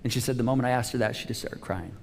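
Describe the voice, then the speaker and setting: A man's voice: medium pitch, very fast, gravelly, a little hiss or hum. A middle-aged man preaching a sermon as pastor, telling stories in a conversational way with many restarts and fillers.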